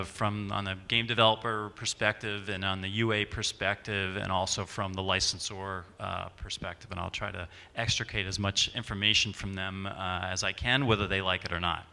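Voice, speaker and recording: A man's voice: fairly low pitch, pushed and bright. A man moderating a conference panel, telling a chatty anecdote and acting out the voices in it. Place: conference stage. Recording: stage panel in a large hall.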